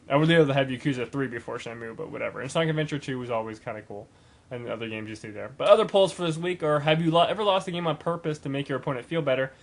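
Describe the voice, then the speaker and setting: A young man rambles through a casual gaming video blog at a quick clip. His voice sits at a middling pitch, and he keeps stumbling over fillers and restarts. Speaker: gaming vlogger.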